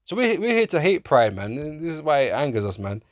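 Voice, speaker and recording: A man preaching in a casual, profane way, often laughing, calling listeners man and bro, and reading scripture slowly in old-fashioned wording. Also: on the high side, sing-song, no room sound. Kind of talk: street-style sermon, reading scripture.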